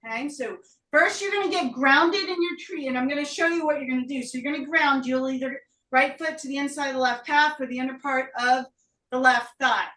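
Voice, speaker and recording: A woman teaching a live yoga class, out of breath, calling breath and pose cues with brisk energy. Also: high-pitched, pushed and bright. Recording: roomy echo, voice from a distance.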